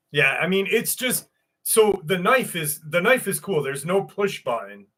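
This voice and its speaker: A man's voice: high-pitched, sharp tone. A man hosting a casual livestream, chatting loosely with viewers and cursing freely. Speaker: livestream host.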